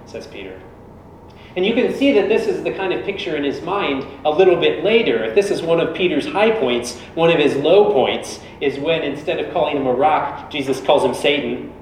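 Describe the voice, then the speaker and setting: A man's voice: on the high side, normal speed, a little hiss or hum. A man giving a sermon in a casual, storytelling way, recorded in a church. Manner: conversational, informal storytelling. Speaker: preacher. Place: large church. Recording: echoey church from a distance.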